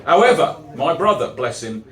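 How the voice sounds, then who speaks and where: Wry poet, lively, roomy and distant. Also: male voice, medium pitch, normal speed. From England. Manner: wry, self-mocking humor between rhyming verses. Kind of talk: live poetry performance. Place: chapel venue. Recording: roomy, distant live recording.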